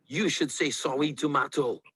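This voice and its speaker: A man voices an indignant little onion from a picture book, pitched up and sharp. The reading is lively, with a husky grain. It has a dry, close sound. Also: normal speed, dry recording. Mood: cross. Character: cross male onion who builds dirt castles.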